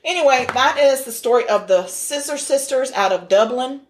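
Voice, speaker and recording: A woman co-hosting a casual podcast, telling a story in an animated, joking way with frequent laughs. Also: high-pitched, moderate pace, slight background noise. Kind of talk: casual chat.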